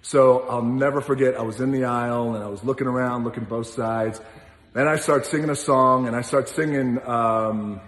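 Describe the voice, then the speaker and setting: A man telling a casual, animated anecdote, now and then breaking into song and laughing as he goes. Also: mid-range voice, moderate pace. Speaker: storyteller answering questions. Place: large gym. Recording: roomy echoey hall.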